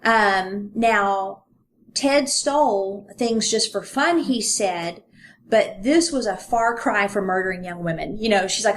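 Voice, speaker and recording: A woman with a mid-range voice co-hosts a podcast, speaking slowly with a slight hiss or hum in the audio. She casually retells a true-crime story, reading passages aloud and using ums and other fillers.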